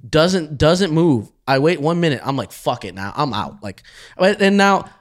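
A man co-hosting a podcast, telling a story in casual chat with many restarts, often trailing off quietly. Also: on the high side, lively intonation, measured pace. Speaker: podcast co-host.

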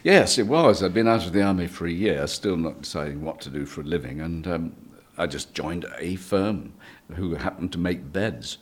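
An older man with a very deep, husky voice, chatting through his memories in an interview. He tells his stories easily and chuckles along the way. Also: lively intonation, moderate pace. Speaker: guest. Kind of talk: reminiscing interview.

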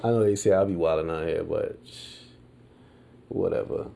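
Low, gravelly and mellow, an American man hosts a podcast, drifting through his opinions with laid-back slang. His speech is slow and colloquial, thick with fillers and restarts, with slight background noise.

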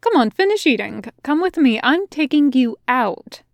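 A woman's voice: high voice, big pitch swings, normal speed, creaky, no echo, pitched above the performer's own voice, exaggerated voice. A woman voicing a grinning, pushy young male soldier who teases his friend. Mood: teasing. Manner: teasing, bright and pushy.

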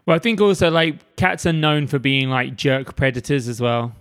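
A man's voice: mid-range voice, moderate pace, fairly bright tone. A man co-hosting a podcast, making thoughtful remarks in casual chat. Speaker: podcast co-host.

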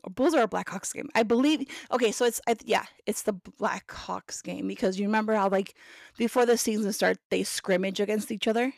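A woman hosting a podcast, telling a story in a casual, animated way, acting out voices and laughing often. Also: medium pitch, brisk, creaky, no echo. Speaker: podcast host.

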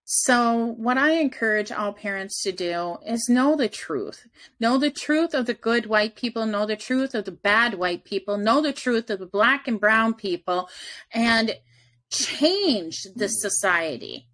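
A woman's voice: fairly high pitch, expressive, a little slow, a bit bright. Earnest woman telling personal stories. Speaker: guest. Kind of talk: casual conversation.

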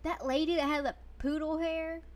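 A woman with a high, steady voice hosts a podcast at a moderate pace. She chats casually, playful and teasing, often giggling.

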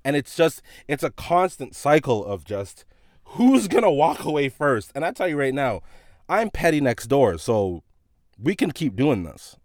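A man who works in retail, casually telling a story about a store run-in, animated and full of swearing and laughter. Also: medium pitch, unhurried, no room sound, studio quality.

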